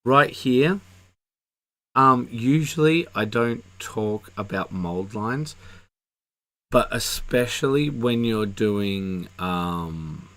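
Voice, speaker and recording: A man's voice: on the low side, lively intonation, extremely slow, fairly bright tone. Rambling man with a sick voice. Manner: rambling, many fillers and restarts. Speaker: co-host reviewing miniatures. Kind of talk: casual chat on a live stream.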